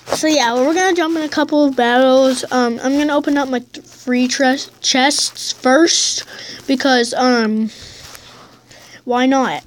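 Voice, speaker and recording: High-voiced excitable young woman gamer. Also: measured pace. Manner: excitable, bursts into high squeals and drops to mutters. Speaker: gameplay commentator. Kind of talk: casual gameplay commentary.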